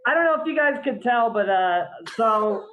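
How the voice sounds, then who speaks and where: A man's voice: extremely high pitch, animated, moderate pace, phone-quality sound. A man in his thirties rambles through a self-mocking stand-up set from his home over a video call, swearing freely and laughing at his own jokes. The room sounds roomy and echoey, with a faint hiss of background noise. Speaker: stand-up comic. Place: home during quarantine.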